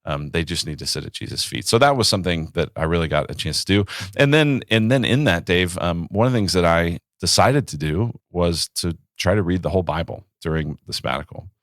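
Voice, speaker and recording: A man in his thirties, a pastor, talking in a relaxed podcast conversation and telling stories with acted-out quotes. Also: sits low, brisk, dry recording, studio quality. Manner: reflective, storytelling with acted quotes.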